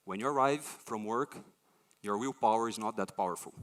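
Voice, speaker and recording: A man's voice: on the low side, normal speed. A man giving a conference talk, telling stories and acting out the voices of people and things he quotes. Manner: animated storytelling, acts out quoted voices. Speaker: conference speaker.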